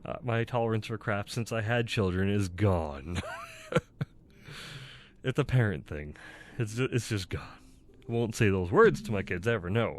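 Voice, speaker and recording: Recording himself casually, a YouTuber with a lowish voice works through an online personality test at normal speed, reading each question aloud and answering frankly with rambling and frequent self-directed laughter. Slight background noise is present.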